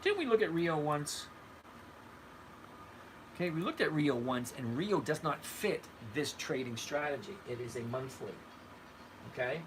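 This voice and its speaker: A man's voice: on the high side, big pitch swings, measured pace, pauses often, noisy background. An older retired man hosting a casual livestream, answering viewers by name in a blunt, conversational way. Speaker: host reading live chat. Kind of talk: casual livestream chat about trading.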